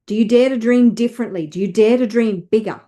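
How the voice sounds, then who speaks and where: A woman wealth coach leading listeners through slow, emphatic affirmations to repeat after her. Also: a little high, mellow.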